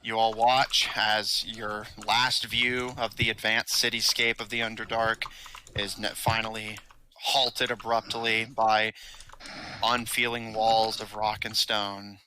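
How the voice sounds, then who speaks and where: A man narrating a tabletop game as game master, in measured descriptive narration with small restarts. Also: on the low side, little pitch movement, sharp tone, a little hiss or hum, poor audio.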